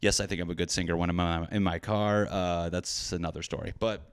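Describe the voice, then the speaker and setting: A man in his thirties hosting a solo comedy podcast from his hot apartment, animated and swearing with jokey asides. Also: deep voice, brisk, clear, resonant tone, dry recording, clean studio sound. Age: 30s. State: sweating in a hot room. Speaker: podcast host. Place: small apartment with windows shut.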